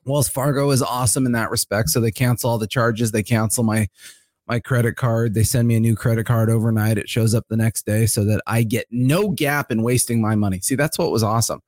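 A man co-hosting a podcast, telling a story in a casual, animated way with lots of fillers. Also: mid-range voice, a little fast, no echo, studio quality. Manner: animated, chatty, full of fillers. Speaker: podcast co-host.

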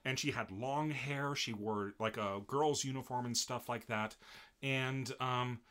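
A man's voice: medium pitch, fairly even intonation, a little slow, a bit bright. A man chatting casually as a podcast co-host, with a mid-range voice. He rambles, backs up and restarts his sentences, and laughs easily as he recaps. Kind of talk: casual chat recapping an anime.

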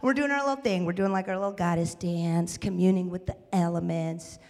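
A woman performing a stand-up comedy set, animated and breaking into loud shouted bits. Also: on the low side, a little fast. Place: live comedy venue with audience. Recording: live room with long reverb.

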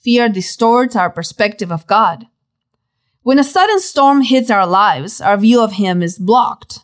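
A woman giving expressive Bible teaching, telling the story dramatically and stressing key words. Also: a little slow. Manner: dramatic, animated storytelling with sudden pitch swings.

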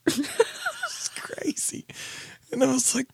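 A man co-hosting a podcast in casual chat, telling family stories and jumping high in pitch when he quotes himself. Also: extremely slow, vocal fry, long pauses, slightly rough, no room sound. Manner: animated storyteller, jumps high when quoting himself. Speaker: podcast co-host, pastor.

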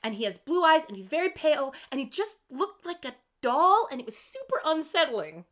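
Recapping a TV show as a podcast co-host, this woman speaks a little fast in a high voice. She keeps things chatty and lively, constantly veering into asides.

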